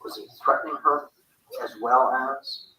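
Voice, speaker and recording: A man's voice: medium pitch, fairly even intonation, unhurried, sharp tone, a little hiss or hum. A man questioning a witness with direct, probing questions. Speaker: investigator asking questions. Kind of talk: interview questioning. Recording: echoey room, distant mic.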